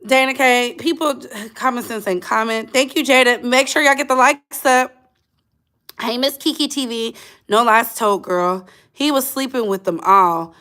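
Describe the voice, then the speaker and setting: A woman's voice: fairly high pitch, measured pace, sharp tone. A woman hosting a livestreamed gossip channel in blunt, chatty casual commentary, talking straight to her chat.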